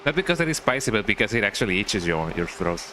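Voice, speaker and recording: A man's voice: fairly low pitch, big pitch swings, fast, bright, forceful tone, a little hiss or hum. A young man streaming a game, chatting in a playful, rambling way and tagging lines with "eh?". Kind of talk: casual gameplay commentary.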